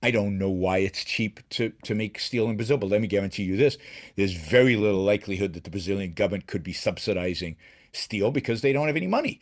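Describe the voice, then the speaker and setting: Man, middle-aged, fairly low voice, solo show host, emphatic commentary, repeats and restarts words. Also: animated, fast. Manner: emphatic, with many restarts and repetitions.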